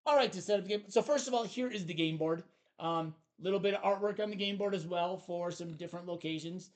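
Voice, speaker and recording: A man's voice: high voice, quick pace. Enthusiastic man reviewing a board game. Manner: enthusiastic, rambling with fillers. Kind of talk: casual review chat.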